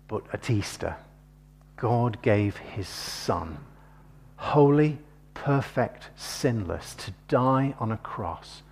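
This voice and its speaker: A low-pitched man delivers a sermon at an unhurried pace. His voice is husky, and he drops to a near-whisper for tender points before rising to forceful emphasis. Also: lively intonation. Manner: swings between hushed and emphatic. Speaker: preacher.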